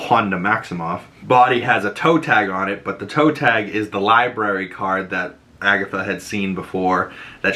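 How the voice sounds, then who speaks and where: A man hosting a casual episode recap, animated and acting out character lines in put-on voices. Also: on the low side.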